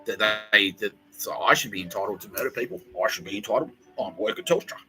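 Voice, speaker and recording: A man's voice: on the low side, animated, quick pace, pushed and bright, soft background music, low-quality recording. A man hosting a podcast, ranting in a rambling comedic monologue, sweary and sarcastic. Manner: sweary, sarcastic, mocking voices of others. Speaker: podcast host.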